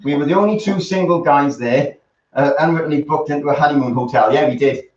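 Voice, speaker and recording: A man's voice: fairly high pitch, fast, darkish tone. A man teaching a dance class on a live stream, chatty, counting the steps aloud. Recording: roomy, distant, dull live stream.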